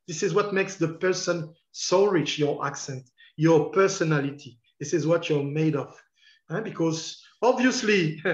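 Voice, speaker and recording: A French-accented man in his fifties with a slightly high voice gives an earnest, encouraging talk. He repeats his key words to press a point home. The sound is roomy and dull, like muffled online call audio. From France. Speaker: guest journalist.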